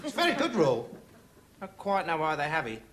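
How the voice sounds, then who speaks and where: An actor playing a rambling, dim young male amateur investigator in a comic monologue, meandering and deadpan, full of filler words. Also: on the high side, quick pace. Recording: TV studio audience laughter, noisy.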